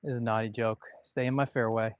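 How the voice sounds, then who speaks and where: Relaxed, dry-joking golfer man. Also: mid-range voice, quick pace, smooth, no echo, narrow, tinny audio. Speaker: golf livestream co-host and player. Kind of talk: casual on-course chat. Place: outdoors on a golf course.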